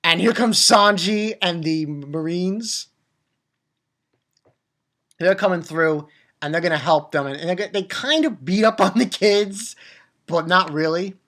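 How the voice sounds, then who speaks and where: Bright-voiced man excitedly recapping a cartoon episode. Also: high voice, measured pace, pauses often. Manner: excitable, swears, many restarts and fillers. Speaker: anime reviewer. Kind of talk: casual episode recap and review.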